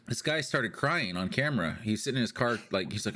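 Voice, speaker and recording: A man's voice: medium pitch, brisk. A man co-hosting a casual podcast chat, retelling a story and acting out the people in it. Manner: animated storyteller, acts out quoted lines. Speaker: podcast co-host.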